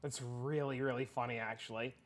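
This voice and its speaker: A man's voice: medium pitch, fairly even intonation, a little fast. A man livestreaming, chatting casually with his viewers in a rambling, profane way, often repeating himself.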